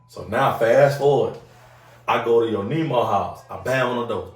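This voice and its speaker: At a quick pace and medium pitch, a man hosting a podcast relates a lengthy story in relaxed conversation, mimicking others' voices and cursing often. A faraway mic gives the recording a roomy feel.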